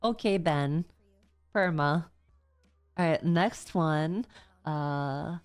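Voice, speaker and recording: A woman's voice: low voice, drawn-out words, long pauses, clear, resonant tone. A woman streamer chatting casually and reading viewer confessions aloud, often stammering and swearing. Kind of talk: casual livestream chat, reading viewer messages.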